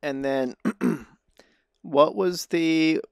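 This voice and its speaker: A man hosting a podcast, chatting casually in a relaxed, teasing way, often restarting his sentences. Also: a little high, extremely slow, gravelly, clear, resonant tone, no echo, studio quality. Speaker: podcast host. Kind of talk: casual chat.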